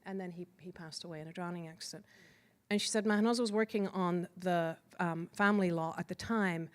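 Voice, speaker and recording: A middle-aged woman from Iran giving an earnest, personal storytelling talk at a symposium, often pausing and restarting her sentences. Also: fairly low pitch. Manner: earnest, halting with restarts and fillers. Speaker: symposium speaker.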